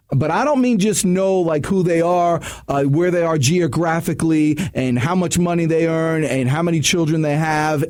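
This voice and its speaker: A middle-aged man giving sales advice in a radio studio, telling stories in an energetic, emphatic way with quick bursts and restarts. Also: on the high side. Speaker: sales coach guest. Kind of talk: casual radio chat, storytelling.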